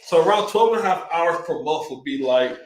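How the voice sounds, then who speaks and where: A young man with a Texan accent hosting a casual livestream, excitedly reading out numbers and riffing on them. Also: on the high side, fairly quick, echoey room. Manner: excitable, hyped, reads figures aloud and riffs. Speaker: livestream host.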